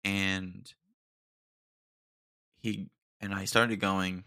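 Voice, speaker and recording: A man's voice: low voice, little pitch movement, extremely slow, bright, forceful tone, clear, resonant tone, no room sound, studio quality. A man hosting a casual solo podcast, rambling and joking as he talks. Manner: rambling and jokey, says "dude" a lot. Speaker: podcast host.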